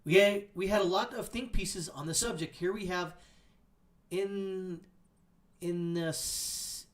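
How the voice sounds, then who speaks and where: A man's voice: high voice, slow pace, recorded from a distance. Brief: male commentary host, sarcastic angry rant, sits back from the mic. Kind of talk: ranting commentary over read-out posts.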